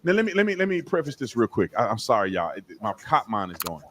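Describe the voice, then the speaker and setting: A man's voice: mid-range voice, sing-song, fast talker. A man giving exasperated, slangy reaction commentary on a traffic stop video, telling his own stories and lecturing. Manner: slangy casual speech.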